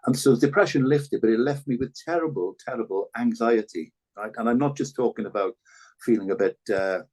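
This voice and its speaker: An older man, a former rugby player speaking as a podcast guest, telling stories in a halting, earnest way with many restarts. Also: medium pitch, a little mellow. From Wales. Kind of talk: reflective conversational storytelling.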